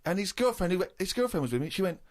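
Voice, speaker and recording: A man telling a long anecdote in casual chat, animated and growing indignant. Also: sits high, rapid-fire. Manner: animated storyteller, rising to exasperated indignation.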